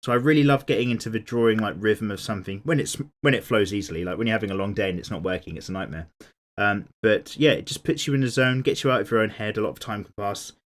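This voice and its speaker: A man's voice: fairly low pitch, fast talker. Laid-back man chatting while drawing. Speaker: art YouTuber. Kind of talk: casual chat while drawing, reading comments.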